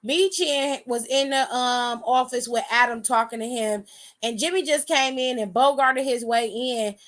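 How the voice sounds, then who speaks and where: A high-voiced woman hosting an aftershow, recapping in loose casual slang. She tells it with lots of animation and jumps into the voices of the people she quotes. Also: measured pace, a bit bright. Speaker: show host.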